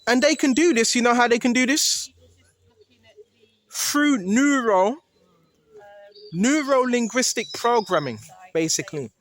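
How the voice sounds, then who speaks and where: High-voiced man preaching insistently. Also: a bit bright. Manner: earnest and insistent, repeats "right?" constantly. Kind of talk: informal preaching to camera.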